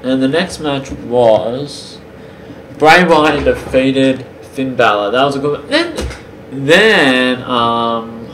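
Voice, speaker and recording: A man casually reviewing a wrestling show for his channel, talking in a halting way with many pauses and restarts. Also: medium pitch, animated, a bit bright. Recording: roomy with faint background hiss.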